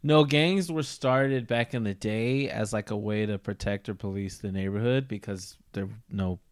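An American man from Los Angeles, a comedian chatting casually as a podcast guest in a relaxed, easygoing way. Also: fairly low pitch, normal speed, smooth, dry recording, clean studio sound. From South Central Los Angeles. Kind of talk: casual chat.

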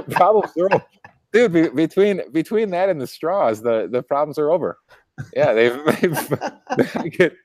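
A young man hosting a casual political chat show, talking in an animated way, laughing often, restarting his sentences and swearing freely. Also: medium pitch, no room sound. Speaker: show host.

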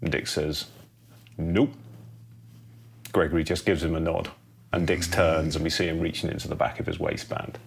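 Gravelly deep-voiced man. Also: fairly even intonation, a little fast. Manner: laid-back, peppers lines with "man". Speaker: podcast co-host pitching a film. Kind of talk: casual film pitch narration.

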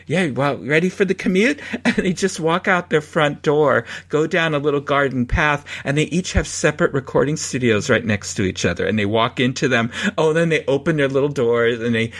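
A man's voice: mid-range voice, brisk, hardly any pauses, fairly bright tone. A man hosting a podcast, telling a story in a rambling, casual way with frequent restarts and laughs. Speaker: podcast host.

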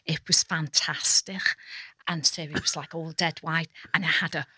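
A woman in her sixties from North Wales, a podcast guest telling animated anecdotes and mimicking the people in them. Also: low-pitched, moderate pace, breathy edge, no room sound. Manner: animated storyteller, mimics voices with laughter. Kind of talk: casual podcast chat, anecdotes.

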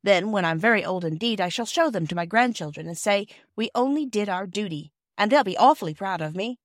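A woman's voice: medium pitch, expressive, brisk, no room sound, studio quality, close to an everyday voice. A woman voicing a cocky young boy in a storybook reading, speaking in a blunt, matter-of-fact way.

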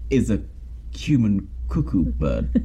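A man hosting a casual film discussion podcast, animated and mock-outraged, laughing often. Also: on the low side, slow, slightly rough, muffled recording. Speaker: podcast host.

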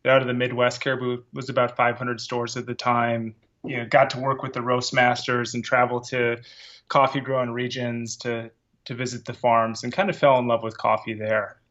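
Male founder as podcast guest, relaxed and hesitant, dull recording. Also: mid-range voice, moderate pace. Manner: casual, hesitant with fillers and restarts. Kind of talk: podcast interview.

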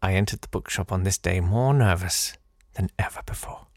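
A man's voice: sits low, moderate pace, no echo, clean studio sound. A man hosting a podcast who reads a listener's story aloud, breaking off for wry, digressive asides and theatrical readings. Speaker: podcast host.

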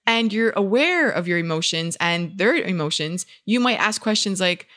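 A middle-aged woman, a neuroscientist guest, explaining in relaxed conversation and acting out little quoted scenes. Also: mid-range voice, normal speed. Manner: animated, acts out quoted parents and children.

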